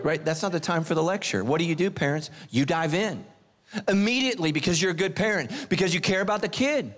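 A middle-aged man preaching a sermon, telling stories with lively, animated delivery and acting out voices. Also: quick pace. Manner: animated storytelling, acts out voices, big pitch swings. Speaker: pastor. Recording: long reverb of a large hall.

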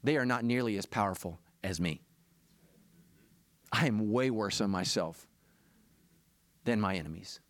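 A man's voice: lowish voice, measured pace, long pauses, dry recording. A middle-aged man, a pastor, preaching a sermon in a confessional, self-deprecating way that builds to impassioned preaching.

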